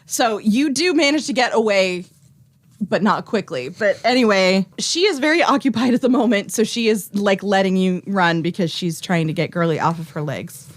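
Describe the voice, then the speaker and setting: A woman's voice: mid-range voice, lively intonation, normal speed. A woman acting as game master, narrating a tabletop game in a joking, giggly way. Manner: giggly, joking, laughs often.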